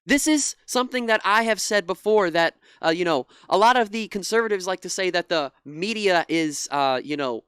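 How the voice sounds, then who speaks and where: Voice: mid-range voice, normal speed, few pauses, a bit bright, clear, resonant tone, dry recording, clean studio sound. A young commentator giving a frustrated, indignant reaction to a TV interview, with many restarts and some swearing. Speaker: political commentary YouTuber.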